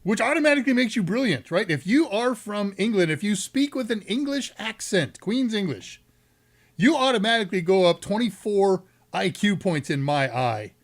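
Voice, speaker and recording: A man with a Texan accent hosts a live tech Q&A stream, chatting casually in a rambling, jokey style full of asides and self-corrections. His voice sits high and sounds animated, at a normal speed.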